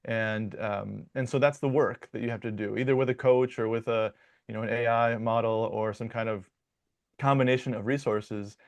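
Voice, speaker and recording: Male dialect coach from Michigan, mid pitch, explanatory and conversational, often restarts his words. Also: fairly even intonation, normal speed, creaky. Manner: explanatory, with frequent repetitions and restarts. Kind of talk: conversational interview answers.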